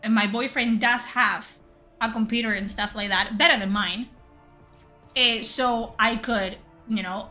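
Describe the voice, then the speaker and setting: A woman's voice: a little high, sharp tone. A woman streaming a game, chatting casually and swearing, reading chat aloud. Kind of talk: casual livestream chat while gaming.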